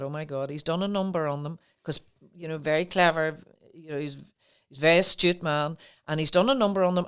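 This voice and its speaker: A woman's voice: deep voice, clear, resonant tone. Woman, middle-aged, podcast guest, earnest, emotional storytelling. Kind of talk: personal storytelling in a podcast interview.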